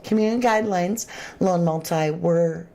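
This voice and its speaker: A woman's voice: lowish voice, normal speed, a little hiss or hum. A woman hosting a true crime livestream, chatting casually and reading viewer comments aloud. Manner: chatty, animated, Southern-tinged slang.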